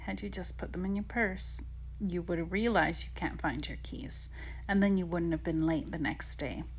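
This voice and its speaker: A woman's voice: lowish voice, normal speed, breathy edge. A woman talking casually and encouragingly to viewers, giving spiritual advice about intuition. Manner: chatty, encouraging, addresses viewers directly. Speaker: spiritual teacher.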